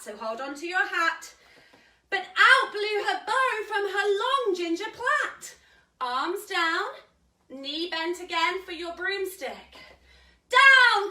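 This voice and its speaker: A woman's voice: high voice, pushed and bright. A woman leading a live kids yoga class, reading a story aloud with cheerful, encouraging instructions. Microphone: live stream camera mic at a distance. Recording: echoey room, mic at a distance.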